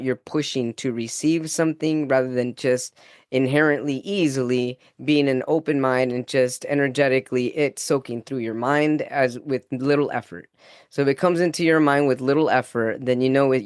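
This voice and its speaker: A man guesting on a podcast, telling an earnest personal story in a casual, animated way, acting out his own inner dialogue and laughing easily. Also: medium pitch, dry recording, clean studio sound. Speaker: guest spiritual channeler.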